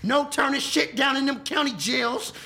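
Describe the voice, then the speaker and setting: A man being interviewed, talking loudly in casual street slang and swearing freely. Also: extremely high pitch, normal speed. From Texas. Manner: loud, animated street talk with frequent profanity. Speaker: interview guest.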